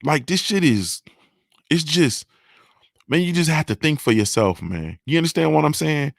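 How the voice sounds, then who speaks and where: A man's voice: fairly high pitch, very animated, a little fast, creaky, dry recording. Profane, emphatic man ranting, dry sound. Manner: emphatic, profane, keeps asking "you understand what I'm saying?". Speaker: morning show host. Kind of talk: unscripted political rant.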